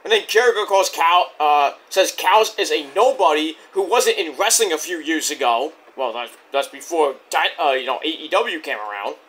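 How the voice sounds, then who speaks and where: High, animated man recapping a show. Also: normal speed, hardly any pauses. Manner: loose, profane play-by-play retelling; rambling with frequent restarts. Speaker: wrestling show reviewer. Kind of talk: casual recap review.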